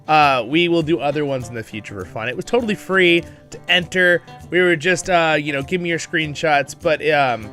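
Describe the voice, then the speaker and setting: A man's voice: fairly high pitch, moderate pace, few pauses, bright, forceful tone, soft background music. A man hosting a casual livestream, chatty and upbeat, greeting viewers by name and laughing often, with a bit of a morning voice. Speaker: livestream host.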